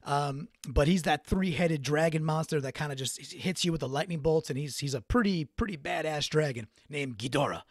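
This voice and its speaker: A man's voice: on the high side, moderate pace, few pauses, no echo, studio quality. A man hosting a solo sports recap podcast, talking in a casual, rambling way with restarts. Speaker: podcast host.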